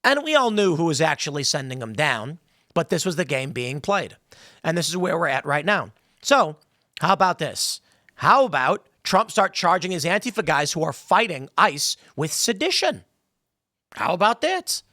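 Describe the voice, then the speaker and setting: A man's voice: a little high, big pitch swings, normal speed, pushed and bright, no echo, clean studio sound. A man hosting a political commentary show, talking in an emphatic, heated way and slipping into mocking voices when he quotes people. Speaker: podcast host.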